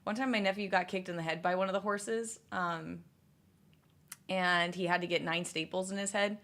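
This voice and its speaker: A woman's voice: lowish voice, steady tone, moderate pace, fairly bright tone. A young woman streaming, chatting casually and answering viewers' messages, rambling with many fillers and restarts. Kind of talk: casual livestream chat.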